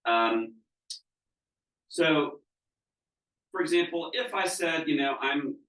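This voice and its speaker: A business coach gives a conversational training talk in a seminar room, checking in with the audience as he goes. His voice is a little high, slow, a bit bright, with lively intonation, and the distant mic picks up a roomy space.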